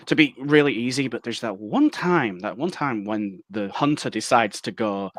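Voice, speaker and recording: A British man, currently ill, chatting casually about games in a halting way that repeats words as he starts. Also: mid-range voice, lively intonation, no echo. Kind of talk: casual gaming chat.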